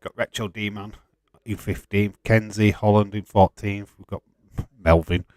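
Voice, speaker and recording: A man's voice: lowish voice, fairly even intonation, a little slow, no room sound. A man with a Yorkshire accent hosting a casual live stream, chatting, reading out viewer comments and chuckling often. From England. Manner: chatty and laid-back, chuckling often, light swearing. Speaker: livestream host.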